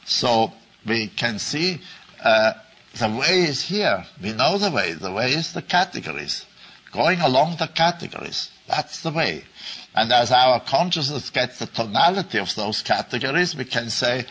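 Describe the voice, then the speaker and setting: A man giving a slow religious teaching talk, repeating phrases for emphasis and chuckling at his own asides. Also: medium pitch, sing-song, pushed and bright, breathy edge, low-quality recording. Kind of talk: slow explanatory Bible talk.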